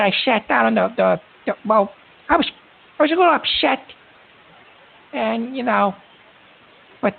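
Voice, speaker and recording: A man's voice: very high-pitched, vocal fry, breathy edge. A man hosting a call-in show from a hospital room while in pain from a back injury, rambling and irritable, swearing and stumbling over fillers. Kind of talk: call-in radio talk. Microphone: phone line. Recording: tinny phone line.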